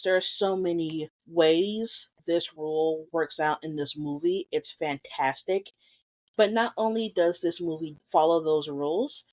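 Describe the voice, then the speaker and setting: A woman hosting a casual film commentary, talking with rambling enthusiasm and gushing over scenes she loves. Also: mid-range voice. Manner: enthusiastic, rambling, quick to gush. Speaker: podcast host.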